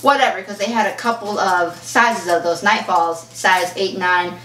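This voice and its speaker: A woman fashion vlogger in a casual unboxing chat, telling a story in an animated, chatty way and acting out the back-and-forth. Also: mid-range voice, moderate pace. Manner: chatty, animated storyteller who acts out quoted exchanges. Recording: roomy echo, mic at a distance, faint kitchen clatter.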